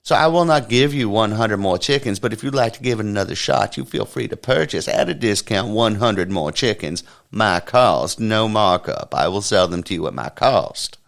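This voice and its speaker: A man's voice: lowish voice, animated, moderate pace, vocal fry, hardly any pauses, a bit bright. A man voicing a helpful but stern older male farm-store clerk in a spoken joke, folksy and patient at first, then firm.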